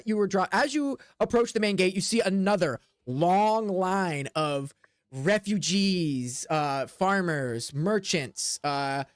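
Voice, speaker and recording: A young man serves as game master for a tabletop session, narrating the scene in a loose, chatty manner. His voice sits fairly high for a man, and it is recorded dry and close with no room echo. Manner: loose and chatty, with frequent restarts.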